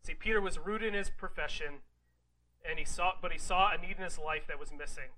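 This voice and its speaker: A man preaching a sermon in a raised, bright voice with a sharp, forceful edge. He reads scripture aloud and then unpacks it casually. He keeps turning to his listeners with rhetorical questions and quick "right?" asides. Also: a little high, slight background noise, poor audio. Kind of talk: conversational sermon.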